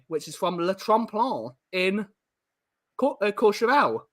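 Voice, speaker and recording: A man hosting a casual chat, telling jokey stories and reading out comments with quick restarts. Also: high-pitched, lively intonation, pushed and bright. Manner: fast, joking storyteller with restarts. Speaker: podcast host.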